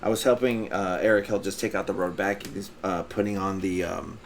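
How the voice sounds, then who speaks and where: A man with a fairly low voice tells a rambling, animated story on a casual podcast, slipping into quoted voices and swearing as he goes. A faint hum of background ambience sits under his voice. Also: a little fast, vocal fry. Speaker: podcast co-host.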